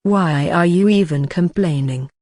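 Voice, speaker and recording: A narrator reading the part of a proud, quick-tempered young heir who sneers at his brother, in a level storybook voice. The sound is dry and close, with no room around it, and the pitch sits in a middle range. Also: darkish tone, dry recording, natural voice. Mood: scornful. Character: arrogant, hot-tempered young male heir.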